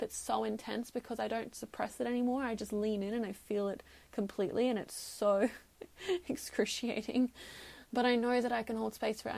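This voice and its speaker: A woman with a slightly high voice and plenty of vocal fry shares a personal story on her podcast. She speaks candidly and reflectively, and now and then laughs at herself. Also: a little mellow. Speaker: podcast host.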